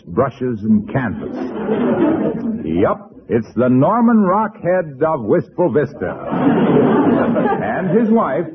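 Male radio announcer, slow and sing-song; tinny, noisy old broadcast with loud audience laughter. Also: medium pitch.

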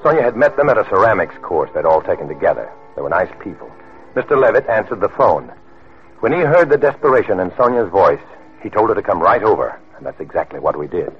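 An actor playing an undercover agent who narrates a 1950s radio drama in a brisk, earnest way. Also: male voice, deep voice, big pitch swings. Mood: narrating. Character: wry undercover male agent. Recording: dull lo-fi old radio recording.

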